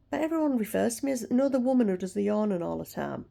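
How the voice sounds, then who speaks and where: A gravelly, mellow-toned woman chats frankly into a phone camera at home. She talks to her viewers in a candid, ranting way, her voice sitting slightly high with plenty of fry. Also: expressive, fast, hardly any pauses. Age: 60s. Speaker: vlogger. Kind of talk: casual chat to camera.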